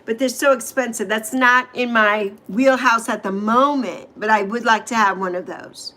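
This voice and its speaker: A woman's voice: a little high, steady tone, normal speed, sharp tone. A woman with a New York accent, raised in the Caribbean, hosting a casual livestream and chatting with viewers by name in a rambling, friendly way. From Bronx, New York, raised on Saint Croix. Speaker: livestream host. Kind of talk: casual livestream chat reading comments.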